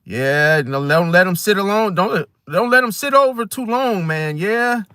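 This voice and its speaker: A man talking casually to his viewers in a rambling, slang-heavy monologue, animated and swearing freely. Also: high voice, unhurried, clear, resonant tone. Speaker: astrology vlogger.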